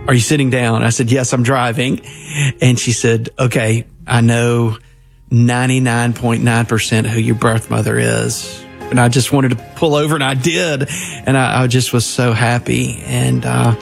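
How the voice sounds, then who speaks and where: A man's voice: mid-range voice, creaky. A minister in his fifties tells his adoption story in an earnest, heartfelt way, often restarting his sentences. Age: 50s. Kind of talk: personal storytelling.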